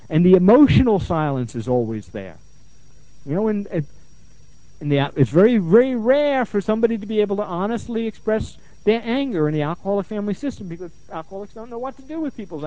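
A middle-aged man, a therapist, lectures with animated storytelling and repeats phrases for emphasis. His voice sits fairly high and swings widely in pitch, yet the tone stays mellow. The recording is dry and dull. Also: dry recording. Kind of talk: lecture with anecdotes. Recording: dull, muffled lo-fi sound.

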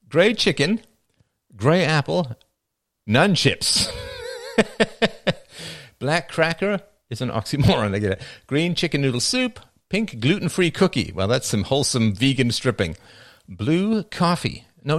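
A middle-aged man hosting a livestream, reading viewer comments aloud and answering them with dry, wry jokes. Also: mid-range voice. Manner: dry joking, wry asides. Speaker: livestream host.

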